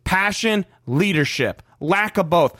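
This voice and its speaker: A man's voice: sits high, expressive, takes it slowly, a bit bright, dry recording, studio quality. A male podcast host ranting emphatically and swearing, fired up in heated sports talk.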